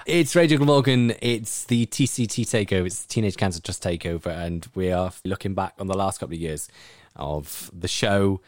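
A man's voice: deep voice, moderate pace, no room sound, studio quality. A man presenting on community radio over a video call, chatting casually, laughing easily and reading out tributes.

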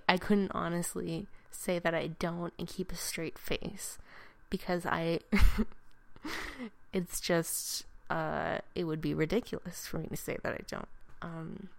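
Woman with a low, gravelly voice, candid and self-mocking storyteller, dry recording. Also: no echo. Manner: candid, self-deprecating, laughs often; halting with restarts and ums. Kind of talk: personal storytelling monologue.

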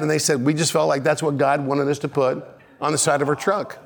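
Middle-aged male preacher, lively sermon storyteller, slightly high-pitched. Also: fairly quick, gravelly. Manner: animated, rising to near shouts when excited. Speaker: pastor.

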